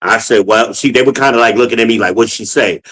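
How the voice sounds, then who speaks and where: A man hosting a podcast, ranting in a casual, profane, animated way while walking around his home with a handheld phone. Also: medium pitch, quick pace, rough recording. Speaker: podcast host. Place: at home, moving between rooms.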